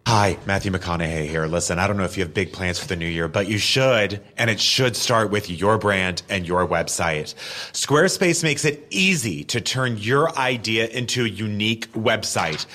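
A man's voice: lowish voice, animated, moderate pace, bright, forceful tone. A man doing an impression of a laid-back Texan male movie star in a parody ad, with a drawling, self-absorbed and goofy manner. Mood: smug drawl. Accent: imitated Texan drawl. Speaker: ad spokesman in a comedy podcast. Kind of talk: comedic parody ad read.

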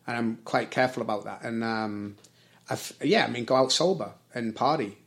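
Gravelly rambling man in his forties. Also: medium pitch, brisk, fairly bright tone. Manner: rambling, self-correcting, many fillers. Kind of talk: casual chat.

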